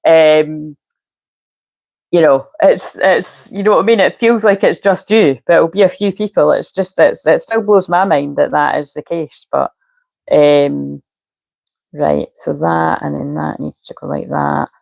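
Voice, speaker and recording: Chatty woman with a gravelly voice. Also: low-pitched, fairly even intonation, measured pace, a little mellow, dry recording, rough recording. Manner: chatty, muttering to herself while fiddling with settings. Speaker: spiritual coach hosting a live stream. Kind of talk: casual live-stream chat.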